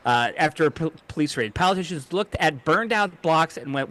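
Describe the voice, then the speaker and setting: A man's voice: on the high side, big pitch swings, fast, a bit bright. A man co-hosting a casual podcast, rambling through a jokey history rundown and fumbling names. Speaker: co-host. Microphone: home mic on a video call.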